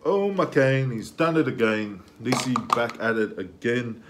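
A young man hosting a reaction video, chatting loosely and eagerly with plenty of slang and filler words. His voice sits at an ordinary middle pitch for a man. There is a faint hum of background noise. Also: expressive, measured pace. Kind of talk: casual reaction commentary.

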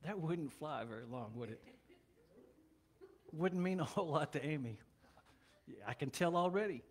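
High-voiced man preaching a sermon. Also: expressive, normal speed, slight background noise. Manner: conversational, joking asides. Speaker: pastor. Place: church.

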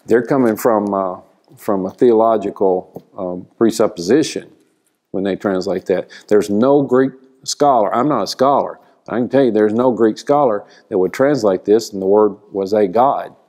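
A man teaching a church Bible class, explaining slowly and asking the class questions. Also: on the low side, a little mellow.

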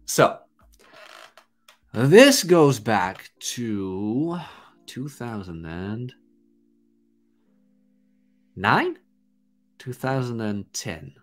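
Man, 30s, podcast host, blunt and crude, casual monologue, animated, very expressive intonation. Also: medium pitch, extremely slow, pauses often, faint music behind.

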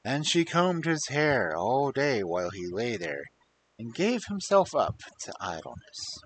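A man reading an old fairy tale aloud on a live stream, expressive and adding dry, wry asides. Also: mid-range voice, unhurried, slight background noise, rough recording. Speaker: storyteller.

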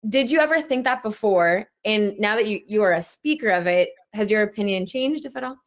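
A woman's voice: mid-range voice, animated, fairly quick. A woman, a linguist, hosting an interview podcast, friendly and enthusiastic as she asks questions and laughs along with her guest.

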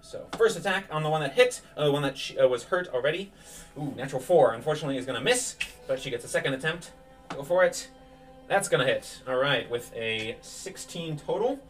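A man narrating as game master of a tabletop game, relaxed and full of fillers. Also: fairly high pitch, fairly quick, distant mic, faint music behind.

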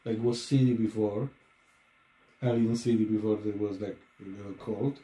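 A man's voice: on the low side, steady tone, moderate pace, dark tone. Podcast co-host, man, blunt and profane, roomy echo. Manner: blunt, swears a lot, broken English grammar. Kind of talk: casual chat. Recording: echoey room.

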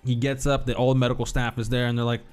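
A man in his thirties races through casual gaming commentary in a mid-range voice that is clear and resonant but flat in delivery. He tells rambling stories, swears casually, and laughs easily, with faint music in the background.

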